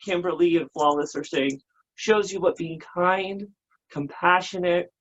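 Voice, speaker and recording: A man's voice: sits high, steady tone, a little slow, fairly bright tone. A man in his thirties with an American accent speaks as a drag queen on a casual talk show. He swings between crude campy jokes and heartfelt thanks, and the recording sounds dull and lo-fi. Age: 30s. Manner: campy, emotional, crude joking. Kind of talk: casual interview chat.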